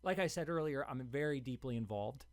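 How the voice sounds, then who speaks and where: A man's voice: mid-range voice, expressive, brisk, a little mellow, dry recording. A young man hosting a podcast, telling a story in a casual monologue, getting heated and restarting his words as he goes. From Ohio. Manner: heated, repetitive, restarts words when worked up. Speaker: podcast host.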